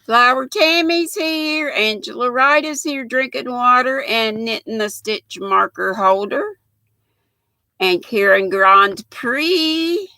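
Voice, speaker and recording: A woman's voice: mid-range voice, vocal fry, sharp tone, no echo. A woman, hosting a casual live stream and chatting affectionately with viewers, calling them pet names like sweet pea and honey. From Southern United States.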